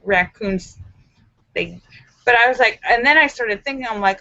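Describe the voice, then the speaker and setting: A woman's voice: on the high side, unhurried, pushed and bright, dry recording, lo-fi sound. A woman hosting a casual live stream from home, greeting viewers by name and telling a story with squeals and exclamations. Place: home in the city.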